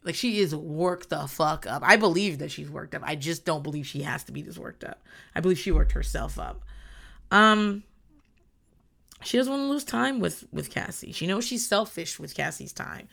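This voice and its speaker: A woman's voice: low-pitched, lively intonation, moderate pace, vocal fry, a bit bright. A woman in casual chat, recapping a reality show in a blunt, rambling way and swearing often.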